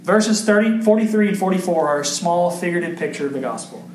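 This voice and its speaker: A man's voice: high voice, expressive, fast. A man preaching a sermon to his congregation as pastor, with emphatic rises and questions thrown to the room. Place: church sanctuary. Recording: echoey church room with faint background noise.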